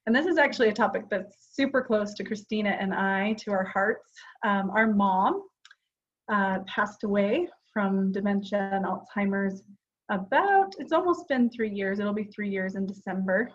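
A woman in her forties co-hosts a podcast in an easy, earnest chat, leaning on fillers as she talks. Her voice sits at an ordinary middle pitch. The recording sounds somewhat dull and lo-fi. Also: moderate pace. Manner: chatty and earnest, with frequent fillers. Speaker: podcast co-host. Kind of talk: casual chat.

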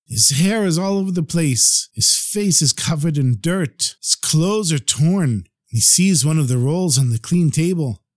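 A man telling a traditional tale as a podcast storyteller, in an expressive, lively way. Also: a little high, dry recording, studio quality.

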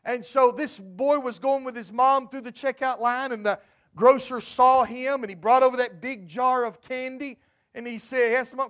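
A man's voice: very high voice, moderate pace, a bit bright. A man preaching a sermon to his congregation, emphatic and storytelling. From United States. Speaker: pastor.

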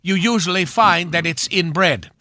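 The voice sits high, pushed and bright, with slight background noise behind it. A man plays a pompous, aging, knighted swashbuckler of film as a radio comedy guest, drawing out his lines in a grand, theatrical way.

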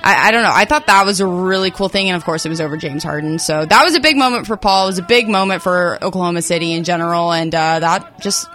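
A young woman co-hosting a sports radio show, chatty and bubbly with quick laughs. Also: on the low side, fairly bright tone, faint music behind. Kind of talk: casual sports talk.

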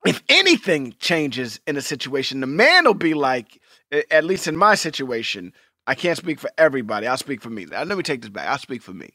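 A man in his forties co-hosting a casual podcast chat, animated and acting out quotes. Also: mid-range voice, fairly quick, no room sound, clean studio sound. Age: 40s. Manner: animated, acts out quotes in voices. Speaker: podcast co-host.

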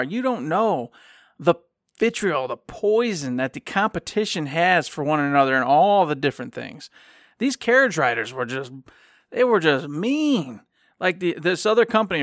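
A man from Michigan spins a long, rambling story in a fairly high, smooth voice. He slips into the voices of the people he quotes. His dry, close sound fits a casual chat show. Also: fairly bright tone, dry recording. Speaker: podcast co-host.

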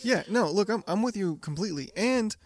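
A man's voice: sits high, animated, brisk. Laughing, swearing young man chatting. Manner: laughs often, swears casually. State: getting sick, off all day. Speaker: podcast co-host. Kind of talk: casual chat.

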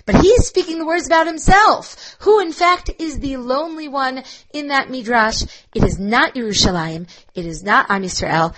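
A woman's voice: high voice, lively intonation, moderate pace, fairly bright tone, low-quality recording. A woman lecturing on rabbinic texts, reading Hebrew passages aloud and translating them line by line, thoughtful and full of restarts. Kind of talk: recorded lecture.

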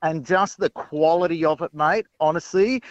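A man's voice: on the high side, normal speed, no room sound, dull audio. A man with an Australian accent, gushing enthusiastically in a radio chat and saying "mate" constantly. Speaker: caller in a sponsored segment.

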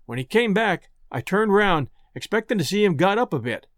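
A man's voice: high voice, sing-song, moderate pace, no room sound, clean studio sound. A man narrating a first-person storybook tale in folksy, rustic dialect. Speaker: audiobook narrator.

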